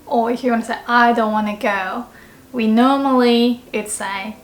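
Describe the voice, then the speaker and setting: A woman's voice: on the high side, steady tone, normal speed. A young woman teaching in a casual video lesson, playful and laughing often, mimicking cat and anime voices. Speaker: Japanese language teacher.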